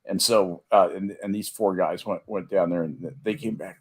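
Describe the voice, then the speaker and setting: Older husky-voiced male host. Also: moderate pace, hardly any pauses. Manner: rambling storyteller, lively swings in pitch. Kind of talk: casual panel chat. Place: home office in an enclosed porch.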